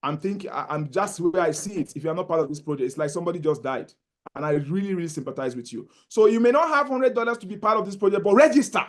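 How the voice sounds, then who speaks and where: A man's voice: high voice, lively intonation, fast talker. A man giving a motivational talk as a trading mentor, telling stories and acting out the dialogue, often repeating himself.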